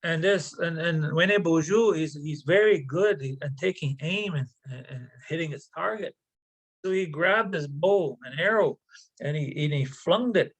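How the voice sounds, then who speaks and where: A man telling a traditional story aloud, halting and often repeating words and phrases. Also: fairly high pitch, slightly rough, poor audio. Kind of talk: oral storytelling.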